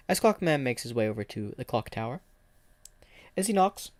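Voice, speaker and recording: A man's voice: mid-range voice, very animated, normal speed, long pauses, darkish tone, no room sound. A man streaming and narrating an improvised fan story, rambling and restarting sentences.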